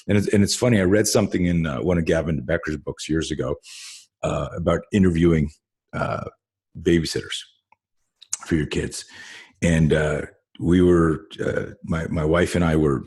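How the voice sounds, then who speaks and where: A man with a deep, husky voice hosts a loose conversation and talks in long, rambling stretches. He circles back on himself with lots of restarts and fillers, and he swears freely as he tells his stories. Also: darkish tone. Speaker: host. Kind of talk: casual conversation.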